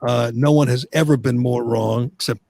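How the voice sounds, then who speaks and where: Gravelly ranting talk radio man. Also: mid-range voice, moderate pace, no room sound, studio quality. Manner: animated ranting, frequent restarts. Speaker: talk show host. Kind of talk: opinionated sports talk radio.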